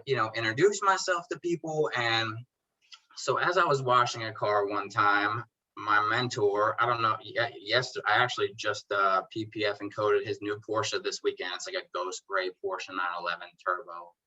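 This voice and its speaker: A man's voice: lowish voice, moderate pace, highs cut off. A man, a detailing business owner, chatting casually as a podcast guest and telling stories by acting out both sides of old conversations in a laid-back, slangy way. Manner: animated storyteller who acts out both sides of conversations; laid-back slang, calls people bro and dude. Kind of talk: casual interview chat.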